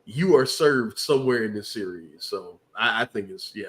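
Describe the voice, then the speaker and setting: A man's voice: fairly low pitch, animated, moderate pace. A man co-hosting a podcast, chatting enthusiastically and emphatically, often repeating words as he makes his point. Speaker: podcast co-host. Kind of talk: casual review chat.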